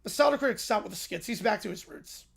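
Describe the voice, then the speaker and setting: A man's voice: sits high, animated, fairly quick, creaky, a bit bright, husky. A man hosting a livestream, chatting casually and rambling as he reacts to videos, chuckling now and then. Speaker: livestream host.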